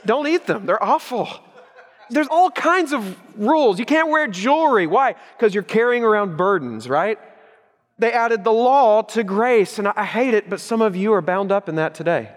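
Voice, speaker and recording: Middle-aged male pastor, high-pitched and emphatic, preaching in a reverberant church hall. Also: lively intonation, normal speed. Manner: emphatic, punchy repetition, swings between loud urgency and hushed gravity. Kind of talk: sermon.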